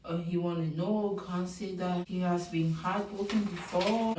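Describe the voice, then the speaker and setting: A woman giving opinionated, animated commentary on a reality show, sometimes mocking the people she talks about. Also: lowish voice, unhurried, noisy background. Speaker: reality TV recap vlogger. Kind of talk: casual commentary. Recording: roomy sound, mic at a distance.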